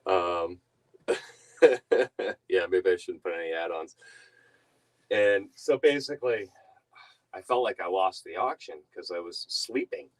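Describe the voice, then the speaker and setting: A man's voice: low-pitched, measured pace, long pauses, low-quality recording. A young man telling a rambling story to his stream viewers, laughing often and breaking off mid-sentence. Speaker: reseller streamer.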